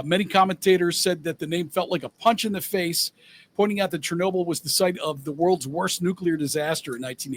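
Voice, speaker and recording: A man with a fairly high voice reads news items slowly and deliberately, stopping on small fillers. A faint ambient hum sits behind him. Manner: measured, deliberate reading with fillers. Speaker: co-host. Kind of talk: reading news items on a podcast.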